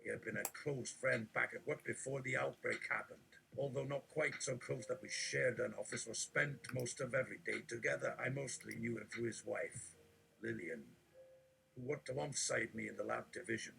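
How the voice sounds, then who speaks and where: A man reading absurd text aloud in a deadpan, mock-preachy delivery, with a gravelly voice. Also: mid-range voice, normal speed, slight background noise, low-quality recording.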